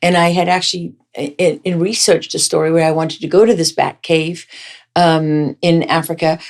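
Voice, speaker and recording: A woman's voice: sits low, level tone, moderate pace, a little mellow. A woman journalist as an interview guest, telling a story vividly and with animation, restarting her sentences.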